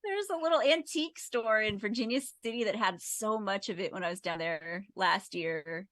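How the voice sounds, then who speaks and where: A woman's voice: medium pitch, moderate pace, a bit bright, no echo. A woman interviewing in a casual chat, bubbly and agreeable, often laughing along.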